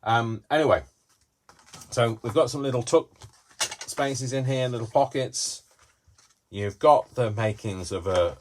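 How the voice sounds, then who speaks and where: Man, deep voice, rambling, jokey craft tutorial host. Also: moderate pace, a little hiss or hum. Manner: rambling, jokey, self-deprecating asides. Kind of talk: chatty live-streamed craft tutorial. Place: small cramped craft room.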